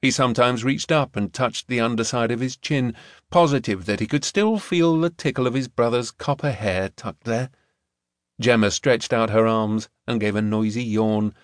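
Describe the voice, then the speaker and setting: An audiobook narrator, male, reads from a novel in a measured and expressive way, delivering scripted narration. His voice is mid-range, and the clean studio recording carries no room sound.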